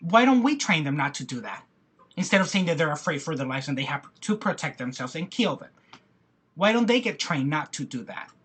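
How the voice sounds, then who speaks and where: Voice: medium pitch, sing-song, a little fast, a bit bright, husky. A speaker giving a passionate personal video rant who talks in emphatic repetitions and frequent restarts. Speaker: video blogger.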